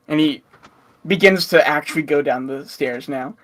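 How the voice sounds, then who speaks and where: A man's voice: fairly high pitch, moderate pace, fairly bright tone. A man narrating a tabletop game as game master, rambling with many fillers and frequent laughs.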